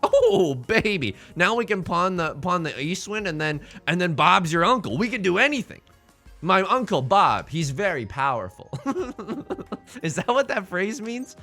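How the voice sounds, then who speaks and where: A man with a high, ringing voice that swoops widely as he comments on his game. He jokes and rants in a theatrical, animated way, and a faint bit of music sits underneath. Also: measured pace. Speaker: Let's Play host. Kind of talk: casual gameplay commentary.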